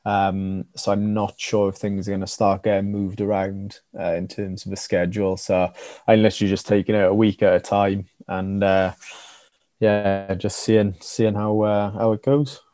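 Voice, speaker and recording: A man from Wales tells a casual rugby story in a low voice, with plenty of ums and restarts. His tone stays dark and fairly flat. The recording is dry and close. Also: moderate pace, no room sound. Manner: rambling, many fillers and restarts. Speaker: rugby sevens player, podcast guest.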